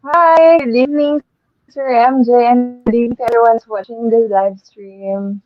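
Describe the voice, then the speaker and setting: A woman's voice: on the high side, steady tone, moderate pace, no echo, faint music behind. A woman in her twenties with a Filipino accent, a pageant candidate who introduces herself in an interview, poised and courteous. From Iriga City, Bicol, Philippines. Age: 20s. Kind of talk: polite self-introduction in an interview. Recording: dull, dry video-call audio.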